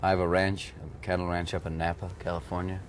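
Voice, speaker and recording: A man's voice: low-pitched, little pitch movement, fast, a little hiss or hum. An American man in his thirties, talking in a rambling, playful way in an interview, often slipping into comic voices. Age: 30s. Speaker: interviewed actor. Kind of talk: playful press junket interview.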